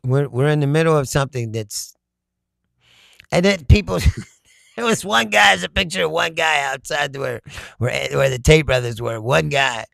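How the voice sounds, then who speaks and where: A man's voice: a little high, moderate pace, creaky, fairly bright tone, dry recording, studio quality. A man hosting a casual comedic political talk, rambling and profane, breaking into laughter often. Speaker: political commentary host.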